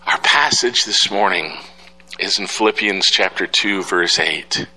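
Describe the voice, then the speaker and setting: A man's voice: low voice, unhurried, sharp tone. A middle-aged man giving a sermon, telling a story in a conversational way with rhetorical questions to the congregation. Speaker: pastor. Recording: long hall reverb.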